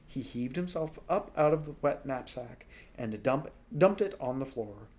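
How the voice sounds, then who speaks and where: A man reading a storybook aloud in a relaxed way, now and then correcting small slips. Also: medium pitch, measured pace. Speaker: audiobook reader.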